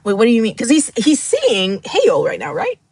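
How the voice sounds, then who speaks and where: Lively, emotional woman hosting a live book chat. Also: on the high side, moderate pace, slightly rough, no echo. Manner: emotional, laughing and near tears while rereading. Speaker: book club host. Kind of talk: casual live stream chat. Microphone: glasses-wearing streamer at her screen.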